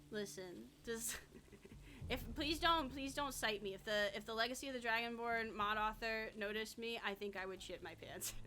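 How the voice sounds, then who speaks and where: Bright high-voiced woman streamer. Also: a little hiss or hum. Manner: chatty, swearing, frequent laughs. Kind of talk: casual gaming stream chat.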